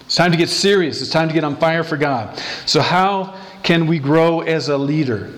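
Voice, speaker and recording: A man preaching a sermon as pastor, passionate and animated, acting out quoted lines playfully. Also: fairly high pitch, moderate pace. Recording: echoey room.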